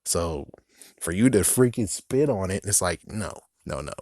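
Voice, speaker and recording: A man's voice: deep voice, expressive, a little slow, a little mellow, no room sound, clean studio sound. A young man casually rambling through a review, cursing often and laughing at his own jokes. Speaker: YouTube reviewer.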